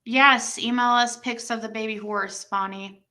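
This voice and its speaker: A young woman hosting a livestream, telling a story in casual chat and reacting to comments with animated exclamations. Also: on the high side, unhurried. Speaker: livestream host.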